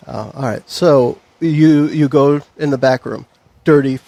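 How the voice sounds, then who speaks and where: A man's voice: mid-range voice, a little slow, vocal fry, mellow, dry recording. A man narrating as game master of a tabletop game, loose and rambling, laughing easily.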